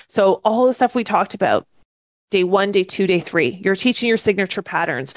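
A woman runs a live online training session for aspiring fitness coaches, talking to her camera. She sounds eager and keeps checking in with her listeners. Her voice sits in a middle pitch, and the recording is dry and close. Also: dry recording. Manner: enthusiastic, checks in often with "okay?" and "right?". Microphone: webcam setup.

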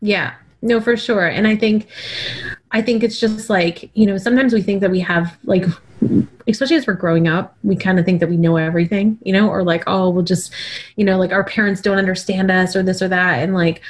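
A woman's voice: mid-range voice, steady tone, a little fast. A woman in her thirties co-hosting a podcast, chatty and heartfelt, with lots of filler words. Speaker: podcast co-host. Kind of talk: casual chat.

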